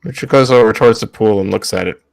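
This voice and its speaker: A man's voice: fairly low pitch, quick pace, vocal fry, no room sound. Hesitant man playing a tabletop game, dry sound. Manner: hesitant, with fillers, describing his character's actions. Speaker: player. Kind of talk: casual tabletop play.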